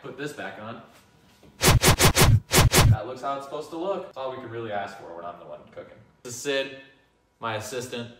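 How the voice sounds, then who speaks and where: A man's voice: mid-range voice, animated, moderate pace, pauses often, reverberant, recorded from a distance, noisy background. A man hosting a casual cooking vlog in a home kitchen, joking and self-deprecating as he rambles through the recipe.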